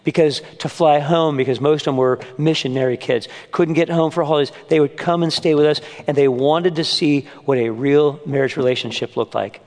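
A man's voice: a little high, steady tone, brisk, few pauses. Older man preaching in an echoing hall. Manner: earnest, storytelling with humor. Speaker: preacher at a men's church gathering. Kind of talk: sermon. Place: church meeting room. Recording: long hall reverb.

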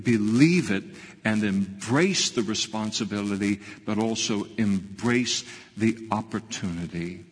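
A man's voice: on the low side, husky. A man preaching a sermon as pastor, emphatic and repeating key phrases for weight. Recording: long reverb in a large hall.

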